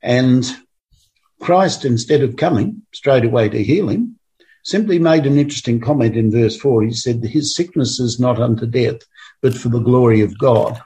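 A man's voice: mid-range voice, animated, normal speed, warm tone. Man explaining scripture conversationally. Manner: conversational, retells scripture with asides. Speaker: Bible study teacher. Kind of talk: informal Bible study explanation.

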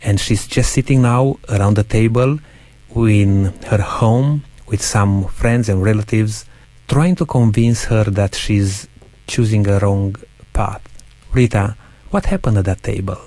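A man hosting a Christian interview show, introducing his guest in a slow, measured way. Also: lowish voice, mellow, dry recording. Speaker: host.

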